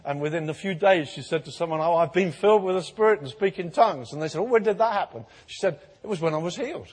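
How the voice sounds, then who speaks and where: Husky-voiced preacher in a reverberant hall. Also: male voice, sits high, fast talker. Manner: storytelling, growing animated and emphatic. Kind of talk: sermon. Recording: long reverb of a large hall.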